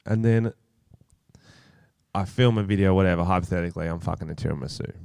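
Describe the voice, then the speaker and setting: A man's voice: deep voice, fast, vocal fry, a little mellow, slight background noise. A man co-hosting a podcast, crude and joking, laughing often. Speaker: podcast co-host. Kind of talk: casual banter.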